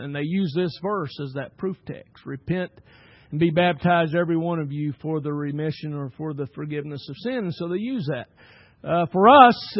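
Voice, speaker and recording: High-voiced preacher, emphatic. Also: male voice, dry recording, highs cut off. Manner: swings between loud emphatic bursts and soft asides. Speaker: pastor. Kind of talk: sermon.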